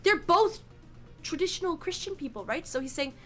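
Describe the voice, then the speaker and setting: A woman with a high voice arguing back on a livestream. She challenges every point with questions, often tripping over her words as she rushes to reply. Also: lively intonation, fairly bright tone, soft background music. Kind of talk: heated livestream debate.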